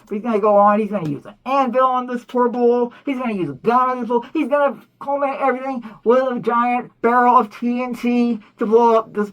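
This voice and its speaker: A woman's voice: a little high, lo-fi sound. Indignant woman ranting about a cartoon. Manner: animated, indignant, full of rhetorical questions. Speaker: host. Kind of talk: cartoon commentary.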